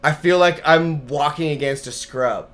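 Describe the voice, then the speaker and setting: A man's voice: on the high side, normal speed, fairly bright tone. A man talking casually in an interview, brash and profane, telling hyped stories with bursts of laughter. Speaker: battle rapper guest.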